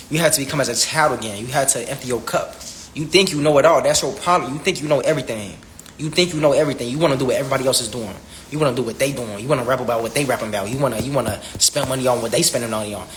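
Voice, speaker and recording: A man's voice: mid-range voice, slight background noise, poor audio. A young man in a casual spiritual rant, preachy and repetitive, full of slang and asking "you feel me?". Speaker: vlogger.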